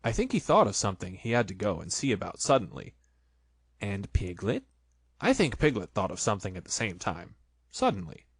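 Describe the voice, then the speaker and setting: A man voicing a gentle, simple male teddy bear in a storybook reading, mild and ponderous. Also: fairly low pitch, wildly swooping pitch, fairly quick, husky, dry recording, studio quality, full character voice.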